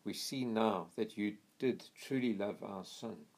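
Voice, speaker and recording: A man voicing a grieving mother who speaks gently to comfort a guest. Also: lowish voice, a little slow. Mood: gentle.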